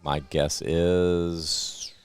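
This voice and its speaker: A man hosting live coverage of an archery shoot in relaxed, joking casual chat. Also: sits low, very slow, smooth, no room sound.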